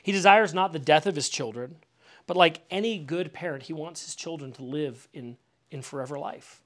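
A man's voice: fairly high pitch, moderate pace, fairly bright tone. A middle-aged man preaching a teaching sermon in a conversational way, often repeating words and putting questions to his listeners. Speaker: pastor. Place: house.

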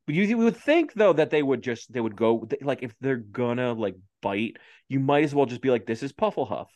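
On a casual podcast, a male co-host jokes around, giggles often and tosses in quick asides. His medium-pitched voice is expressive and a little mellow, captured in a dry recording.

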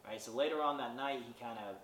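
A man's voice: medium pitch, fast talker, fairly bright tone. A man casually recapping a movie on his podcast, rambling with lots of fillers and wry asides. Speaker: podcast host reviewing a movie. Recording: roomy sound, distant from mic, faint background noise.

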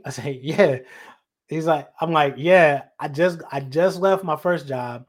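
A man's voice: on the high side, a little slow. Slangy storyteller man. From North Carolina. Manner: loose, slangy storytelling with many asides to listeners. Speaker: podcast host and life coach. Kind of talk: casual storytelling. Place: out on location in his childhood neighborhood.

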